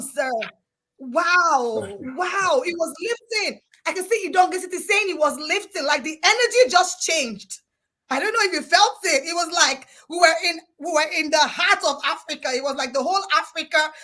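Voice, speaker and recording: A woman hosts a live online conference with a high, bright voice. She gushes and exclaims, often rising close to a shout as she cheers on her audience. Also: rough recording. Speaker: event host.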